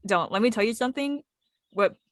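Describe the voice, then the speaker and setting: A woman's voice: a little high, brisk, dry recording, clean studio sound. A woman co-hosting a podcast, reacting to her friend's story with blunt, supportive comments and swearing. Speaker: podcast co-host. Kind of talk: casual chat.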